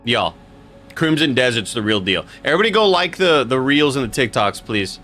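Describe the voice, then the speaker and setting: A man's voice: mid-range voice, very animated, brisk, pushed and bright, soft background music. A young man streaming live, chatting casually with his audience in a rambling, joking way and swearing freely.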